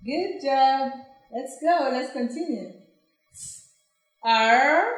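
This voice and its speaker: A woman's voice: high voice, slow, long pauses, soft background music. A woman teaching phonics, sounding out words letter by letter in a patient, encouraging way. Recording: very echoey room.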